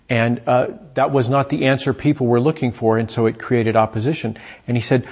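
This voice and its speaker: A man preaches a sermon conversationally, paraphrasing scripture and frequently repeating words as he restarts his sentences. His voice is medium-pitched, a little mellow, and husky.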